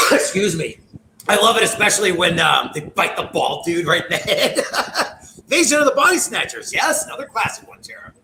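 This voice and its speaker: Casual male podcast co-host with a higher voice, rambling and profane, in an echoey, noisy home setup. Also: big pitch swings, normal speed, vocal fry, pushed and bright. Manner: loose, rambling, swears freely. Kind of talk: casual horror podcast chat. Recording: echoey room with background noise.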